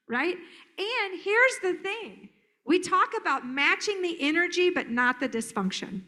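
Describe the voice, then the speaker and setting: A high-voiced woman gives a live conference talk as a therapist. She is animated and joking, and her pitch swings and lifts as she drops into silly voices for effect. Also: unhurried.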